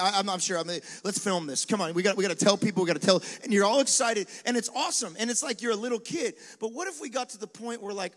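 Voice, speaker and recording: A male pastor preaching a sermon in a lively, conversational style, with quick acted asides and dares to the congregation. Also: sits high. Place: large venue with live congregation. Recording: long hall reverb.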